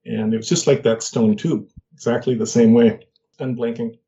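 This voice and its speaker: An older man telling a personal story in a halting way, with many fillers and restarts. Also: medium pitch, steady tone, vocal fry, warm tone, dull audio. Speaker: guest.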